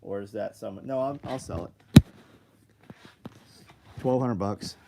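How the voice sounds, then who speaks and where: A man's voice: lowish voice, slow pace, gravelly, very noisy. A middle-aged man hosting a live stream, chatting loosely, reading viewer comments aloud and swearing freely. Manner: loose, profane, reads chat aloud. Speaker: livestream host. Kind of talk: casual livestream chat.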